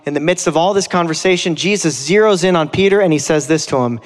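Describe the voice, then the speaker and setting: A man's voice: a little high, fast talker, hardly any pauses. Earnest preaching man in a hall. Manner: earnest, conversational preaching with dramatic scripture readings. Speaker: pastor. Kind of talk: sermon.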